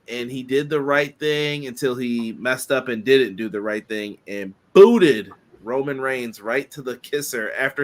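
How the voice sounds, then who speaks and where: A man hosting a podcast in casual chat, upbeat and quick to laugh. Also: medium pitch. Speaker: podcast host.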